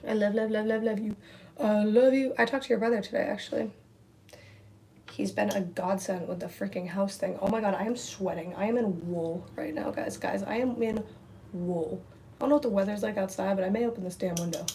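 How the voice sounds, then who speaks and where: Young female streamer, casual and rambling, creaky mid-pitched voice, faint room noise behind. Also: a little fast, darkish tone. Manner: rambling, repeats words, reads viewer comments aloud. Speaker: livestreamer. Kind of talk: casual livestream chat. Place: at home indoors, near a window.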